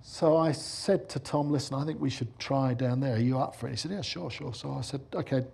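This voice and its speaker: A middle-aged film director giving a lecture, telling anecdotes and acting out the voices of the people in them. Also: male voice, mid-range voice, a little fast, vocal fry, darkish tone, breathy edge.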